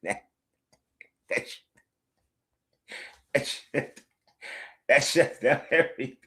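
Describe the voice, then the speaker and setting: A man's voice: a little high, huge pitch swings, extremely slow, pauses often, sharp tone. Laid-back New Jersey man streaming. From Newark, New Jersey, USA. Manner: loose, profane, laughs often, repeats himself. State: tired, yawning. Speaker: live stream host. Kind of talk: casual football watch-along chat.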